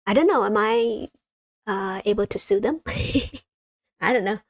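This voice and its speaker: A woman's voice: mid-range voice, measured pace, dry recording. A woman hosting a casual livestream, rambling with many fillers and talking straight to her viewers. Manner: rambling, many ums, addresses viewers as you guys. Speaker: livestream host.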